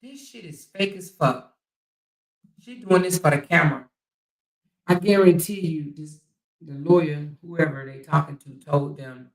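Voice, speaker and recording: A woman hosting a casual livestream, talking straight to her viewers in an animated, incredulous way. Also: low-pitched, vocal fry, poor audio. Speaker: livestream commentary host.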